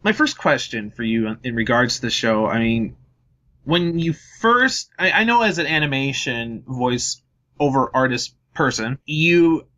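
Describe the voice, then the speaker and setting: Chatty podcast host man, bright tone. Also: mid-range voice, sing-song, measured pace. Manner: chatty, joking, rambling questions. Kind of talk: casual podcast interview.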